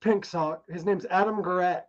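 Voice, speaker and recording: A man's voice: high-pitched, steady tone, moderate pace, dull audio. A man in casual banter on a podcast, teasing and laughing often.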